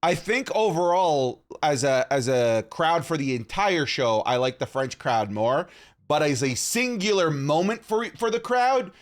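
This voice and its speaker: A man's voice: a little high, expressive, a little slow. A man from Canada co-hosting a podcast, talking in a playful, jokey way. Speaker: podcast co-host. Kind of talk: casual chat.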